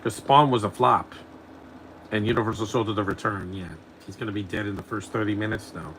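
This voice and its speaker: A man's voice: on the low side, fairly even intonation, brisk, a bit bright, slight background noise, rough recording. A man giving casual live commentary over a film, mocking it and chuckling often.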